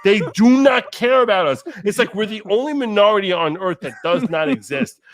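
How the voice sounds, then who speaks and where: A man co-hosting a drunken livestream, ranting loudly and swinging between shouts and mutters. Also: sits high, fairly quick. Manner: ranting, loud, swinging wildly up and down. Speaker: co-host.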